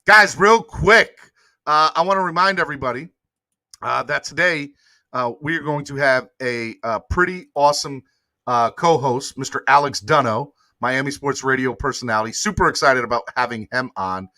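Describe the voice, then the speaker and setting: Male podcast host, casual slangy sports chatter, bright tone, dry close sound. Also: medium pitch, normal speed, no room sound. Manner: animated, slangy, begs viewers for likes. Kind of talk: casual sports talk livestream.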